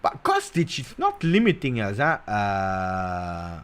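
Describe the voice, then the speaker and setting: A man hosting a casual football talk show, animated and teasing, jumping between loud bursts and quiet mutters. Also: lowish voice, slow pace, smooth. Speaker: football channel host. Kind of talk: casual live commentary.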